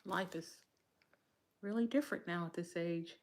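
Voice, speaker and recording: A woman hosting a casual livestream for her viewers, tearful and crying as she talks, rambling, sighing often and trailing off softly. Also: lowish voice, moderate pace. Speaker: livestream host. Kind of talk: casual live chat to viewers.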